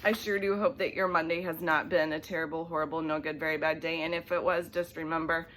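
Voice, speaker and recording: A woman reading a children's bedtime story aloud, animated and expressive, with soft hushed asides. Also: deep voice, quick pace, a little hiss or hum.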